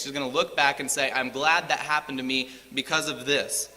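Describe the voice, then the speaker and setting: A man's voice: mid-range voice, normal speed, few pauses, sharp tone, long reverb tail. A man preaching a sermon in a church, retelling a scripture story with rising emphasis.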